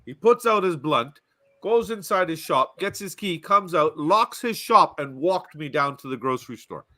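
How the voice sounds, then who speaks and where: Animated storytelling man. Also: fairly high pitch, moderate pace. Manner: animated storyteller, swears freely. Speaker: podcast co-host. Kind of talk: casual chat.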